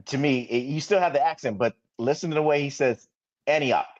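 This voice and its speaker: A man co-hosting a podcast, joking and teasing in quick, playful banter. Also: medium pitch, lo-fi sound. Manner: teasing, joking, laughs often. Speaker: podcast co-host. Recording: background crowd chatter.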